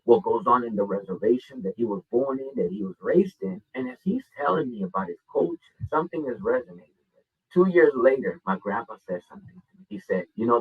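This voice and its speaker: A middle-aged man speaks with a husky, slightly high voice and swings his pitch up and down as he tells a story. He plays out the back-and-forth dialogue sarcastically. The sound is thin and phone-like, as if picked up from across a room. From Mexico. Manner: animated, sarcastic, acts out quoted dialogue. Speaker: commentator in a reaction clip. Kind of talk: storytelling monologue. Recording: muffled phone-like sound from a distance.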